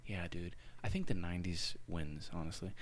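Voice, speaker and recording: A young man co-hosting a podcast in casual chat, excitable and swearing often, now and then breaking into loud mock voices. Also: deep voice, normal speed, a loud crowd. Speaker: podcast co-host.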